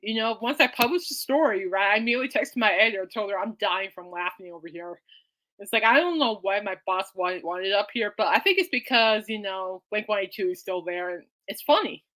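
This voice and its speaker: A woman's voice: mid-range voice, a little fast, sharp tone. A woman hosting a podcast in casual, rambling chat, giggly and reacting to listener comments. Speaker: podcast host.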